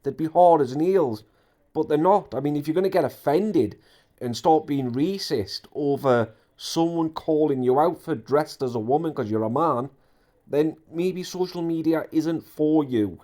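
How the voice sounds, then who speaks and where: A man's voice: on the high side, unhurried, warm tone. A man giving indignant, repetitive ranting commentary on an online drama.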